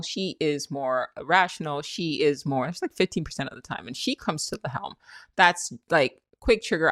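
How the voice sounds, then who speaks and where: A woman's voice: deep voice, no echo, studio quality. A woman hosting a podcast, talking through spiritual self-help ideas in a candid, reflective way, swearing freely and laughing at herself. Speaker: podcast host.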